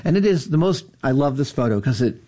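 A man's voice: medium pitch, lively intonation, fast, mellow. A man hosting an interview, asking curious, engaged questions in a conversational way. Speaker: interview host.

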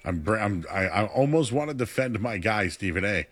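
Animated young man talking sports. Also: moderate pace, few pauses, faint music behind. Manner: animated, pitch jumping when excited. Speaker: sports radio co-host. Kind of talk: casual sports talk.

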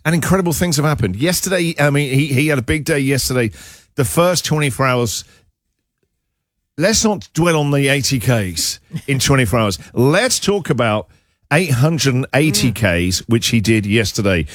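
A man's voice: mid-range voice, lively intonation, moderate pace, dry recording, studio quality. A man hosting a radio show, teasing his co-host in playful banter with sing-song asides.

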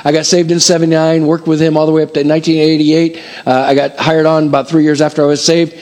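A middle-aged man gives a sermon to his congregation in a church hall. His voice sits a little high for a man. He talks in a lively, animated way and calls out questions to the people in front of him. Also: fast. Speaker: pastor.

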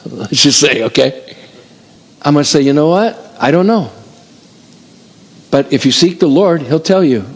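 Energetic pastor preaching. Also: male voice, a little high. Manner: energetic, calls out to congregation like an auctioneer. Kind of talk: sermon.

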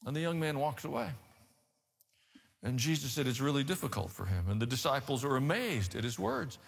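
A man preaching a sermon, telling the story in an animated, emphatic way with rhetorical asides. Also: medium pitch, a little fast, creaky. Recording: long hall reverb.

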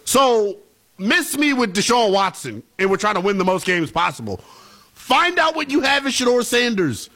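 A man co-hosting a sports talk show, giving animated, opinionated takes in casual chat. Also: high-pitched, moderate pace. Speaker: co-host.

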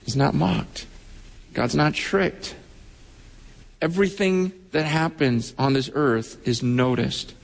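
A man preaching a sermon, often repeating and restarting words and acting out the voices of people he quotes. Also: in a large hall. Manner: repetitive restarts, acts out quoted voices, pitch rising and falling widely. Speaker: pastor.

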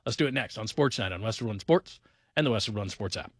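A man's voice: fairly low pitch, quick pace, heavy background noise. A man hosting a sports talk radio show, joking and laughing his way through casual commentary. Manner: animated, laughing, joking asides.

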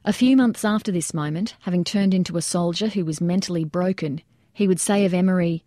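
A woman narrating an audiobook in a measured, steady reading style. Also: fairly low pitch, dry recording, clean studio sound.

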